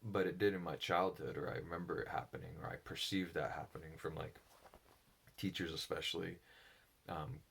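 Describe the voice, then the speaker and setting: Deep-voiced man musing alone, halting and thoughtful, slow reflective delivery. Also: fairly even intonation, vocal fry, a bit bright, slightly rough. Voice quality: low voice. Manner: halting, thoughtful, with pauses and restarts. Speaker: solo speaker on personality psychology.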